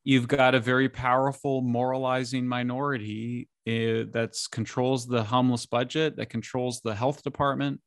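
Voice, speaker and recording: A middle-aged man talking as an interview guest, animated and incredulous, speaking in bursts with frequent restarts. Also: mid-range voice, normal speed, few pauses, dry recording, studio quality. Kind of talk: conversational interview.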